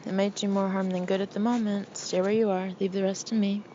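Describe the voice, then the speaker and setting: A woman voicing an older male senior lawyer, jolly but gruff, speaking in a formal, measured, clipped way. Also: medium pitch, little pitch movement, warm tone, highs cut off, slight background noise, lightly acted. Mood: testy.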